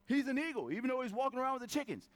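High-voiced man preaching a lively sermon. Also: rapid-fire. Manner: animated storytelling, acts out voices. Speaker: pastor.

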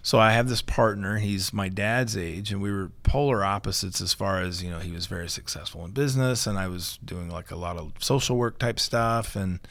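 A man's voice: on the low side, brisk, hardly any pauses, dry recording. A young man, a seminarian guest, telling a story casually and acting out the dialogue. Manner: animated, acts out dialogue with laughter.

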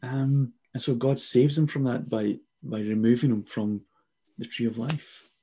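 A man in his sixties with a dark, husky voice talks over a video call. He tells his stories with energy and acts out the voices he quotes in an easygoing faith conversation. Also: mid-range voice, steady tone, measured pace. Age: 60s. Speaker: guest.

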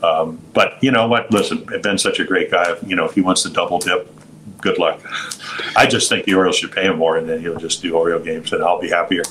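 An older man with a low voice spins long, meandering stories, stumbling through restarts and slipping into quoted voices. A faint hum of ambience sits behind him. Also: fairly even intonation, fast talker, a bit bright, low-quality recording. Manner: rambling anecdotes with frequent restarts and quoted voices. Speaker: guest, former pitcher and broadcaster. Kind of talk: storytelling interview.

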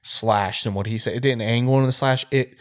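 A man in a garage casually telling a hunting story, animated, acting out quotes and laughing often. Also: medium pitch, a little fast. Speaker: podcast co-host.

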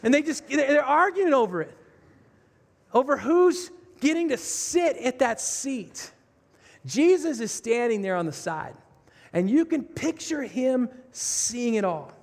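A man's voice: very high-pitched, sing-song, a little slow. A man preaching a sermon, retelling a story vividly and speaking directly to his listeners. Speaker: pastor. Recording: long reverb of a large hall.

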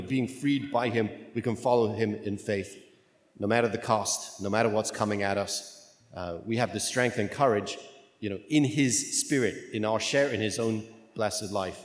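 Conversational preacher in an echoing church. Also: male voice, on the low side, moderate pace. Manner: conversational, keeps checking in with "right?" and "okay?". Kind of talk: sermon. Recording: echoey church with long reverb.

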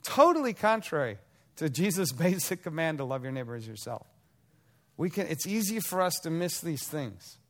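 A male pastor delivers a sermon in a relaxed, conversational way, with a voice that sits a little high for a man. He often restarts a phrase and slips into playful acted-out asides before returning to his point. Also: moderate pace.

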